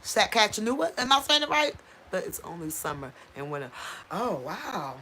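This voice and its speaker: A woman's voice: fairly low pitch, sing-song, moderate pace, pushed and bright. A woman hosting a casual livestream, chatting with viewers and reading out their comments, tripping over unfamiliar place names. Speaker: channel host.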